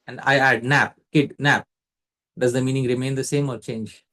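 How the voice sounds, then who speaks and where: A man's voice: mid-range voice, steady tone, a bit bright. Man teaching a scripture class. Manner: measured, quizzes a student by name. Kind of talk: explanatory lecture.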